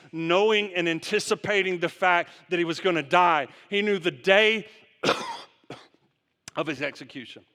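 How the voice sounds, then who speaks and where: High, bright-voiced pastor preaching in a reverberant church. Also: male voice. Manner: questions the congregation in rhetorical runs. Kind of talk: sermon. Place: church sanctuary.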